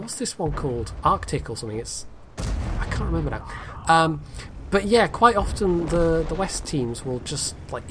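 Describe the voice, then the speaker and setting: A man's voice: fairly high pitch, noisy background. A man giving casual, rambling commentary on a game replay, full of fillers and dry asides.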